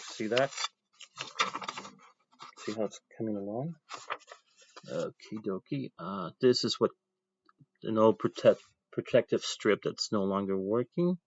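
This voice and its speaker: A man's voice: on the low side, highs cut off, slight background noise. A man teaching an ink drawing class, talking casually as he draws and thinking aloud with chatty asides. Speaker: art teacher.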